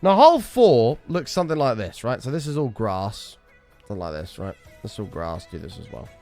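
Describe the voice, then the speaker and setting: A young man chats on his livestream in a loose, rambling way, swearing as he goes. His pitch swings up and down with lively energy while faint music plays underneath. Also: fairly quick. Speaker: streamer. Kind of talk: casual livestream chat.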